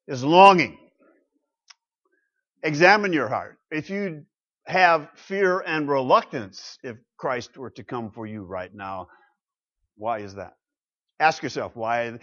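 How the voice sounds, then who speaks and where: Preaching man, lo-fi, dramatic swings. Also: medium pitch. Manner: rhetorical questions, swings from loud to hushed. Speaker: pastor. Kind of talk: sermon. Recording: muffled lo-fi sound.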